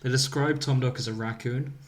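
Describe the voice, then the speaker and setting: A man's voice: medium pitch, steady tone, brisk. Laughing man recapping a story. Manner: laughs often, paraphrases the story with dry asides. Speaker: podcast co-host. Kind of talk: casual chat, reading a fan fiction aloud.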